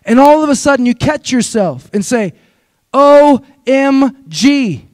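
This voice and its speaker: Male pastor, very high voice, dry close sound, fiery call-and-response preaching. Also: animated, slow pace, no echo. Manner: exhorting, call-and-response with the congregation; storytelling with rising, shouted peaks. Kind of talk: sermon.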